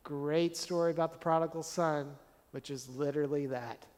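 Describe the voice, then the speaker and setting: A man's voice: a little high, steady tone, normal speed, a little mellow, long reverb tail. A man preaching a sermon as a pastor, conversational and earnest, driving points home with repeated phrases.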